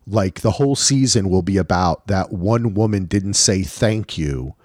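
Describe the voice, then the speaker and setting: Low-voiced man in casual podcast chat. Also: no echo, studio quality. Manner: animated, acts out quick street exchanges. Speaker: podcast co-host.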